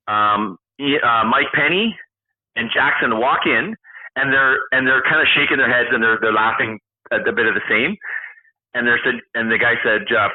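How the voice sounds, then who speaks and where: A man in his forties, a retired hockey player and podcast guest, telling animated stories, acting out quoted dialogue and swearing freely. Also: medium pitch, no room sound. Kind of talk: casual storytelling interview. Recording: tinny phone-like call line.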